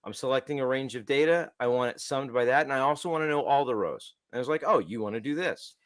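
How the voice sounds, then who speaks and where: A man's voice: mid-range voice, fast talker, no room sound, clean studio sound. A man co-hosting a developer podcast, telling stories in a casual, rambling way with many restarts. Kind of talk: casual tech chat.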